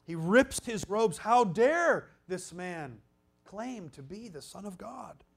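A man preaching a sermon, emphatic, swinging from loud exclamations down to hushed, almost whispered lines. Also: high-pitched, expressive, slow pace, vocal fry.

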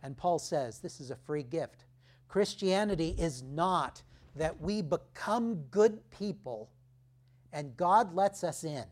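A man preaching a sermon, emphatic, dropping his voice low for key phrases. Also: lively intonation. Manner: slow, emphatic preaching with dramatic drops in volume.

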